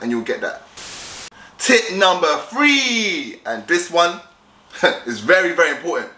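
Bright-voiced young man, echoey room. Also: medium pitch. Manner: direct, repetitive, acts out both sides of chats. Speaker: vlogger giving dating tips. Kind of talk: casual advice vlog.

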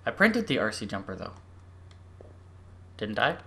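Gushing, excitable young gamer. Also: mid-range voice, unhurried, a little hiss or hum. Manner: excitable, gushing, swings from squeals to murmurs. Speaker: gaming YouTuber. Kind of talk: let's play commentary.

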